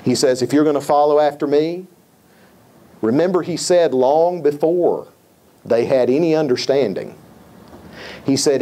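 A man's voice: on the high side, measured pace, long pauses, mellow. A male pastor preaching a sermon, emphatic, repeating key phrases and quoting scripture.

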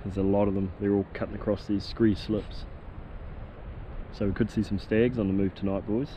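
A man's voice: on the low side, flat delivery, normal speed, warm tone, slight background noise, rough recording. A man with a New Zealand accent vlogging a hunting trip outdoors, chatting easily and talking to his dog. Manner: chatty, talks to his dog, laid-back slang. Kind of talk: outdoor vlog narration. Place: outdoors in mountain wilderness.

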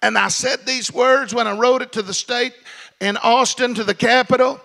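Shouting pastor, high voice. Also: male voice, steady tone, normal speed, gravelly. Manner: shouting, rhythmic preaching with sung phrases. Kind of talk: pentecostal sermon. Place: church sanctuary.

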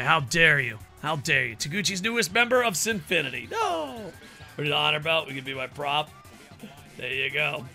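A man with a high, gravelly voice calls a wrestling video game match for his live-stream chat, sharp and bright in tone. He is playful and hams up announcer-style intros, with faint music running underneath. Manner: playful, ring-announcer flourishes, talks to chat. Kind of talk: casual live-stream commentary.

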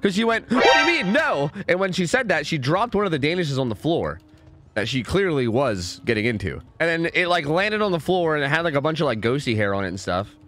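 Rambling streamer man, lively pitch. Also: fairly quick. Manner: rambling, lots of fillers and profanity. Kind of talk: casual gaming stream chat.

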